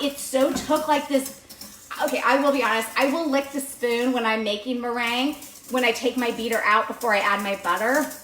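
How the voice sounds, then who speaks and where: A woman's voice: sits high, a bit bright, roomy sound, a little hiss or hum, low-quality recording. A chatty, enthusiastic woman teaching a live baking demo in her home kitchen and answering viewers' comments. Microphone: on-camera mic, moved around the kitchen. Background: mixer and kitchen clatter.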